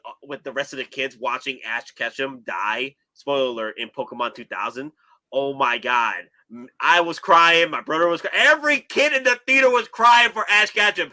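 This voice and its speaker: Male co-host, high-ish bright voice, excitable casual chat. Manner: excitable, animated, laughs and shouts often. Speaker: podcast host.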